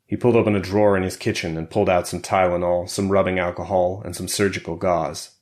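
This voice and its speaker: A deep, low male voice narrating a thriller audiobook. He reads steadily and evenly, keeping his tone controlled through the action. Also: level tone, fast talker, darkish tone. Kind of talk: scripted narration.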